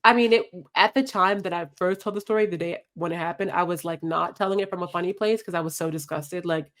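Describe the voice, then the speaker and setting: A woman's voice: fairly low pitch, steady tone, quick pace, fairly bright tone. Chatty woman podcast co-host. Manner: chatty, laughs often, acts out quoted lines. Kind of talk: casual chat.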